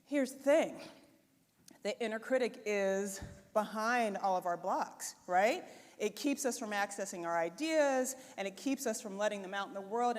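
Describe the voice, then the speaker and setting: A woman giving a conference keynote, talking in a conversational, expressive way with lots of "right?" and "like". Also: mid-range voice. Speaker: conference speaker. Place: conference hall. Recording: long hall reverb.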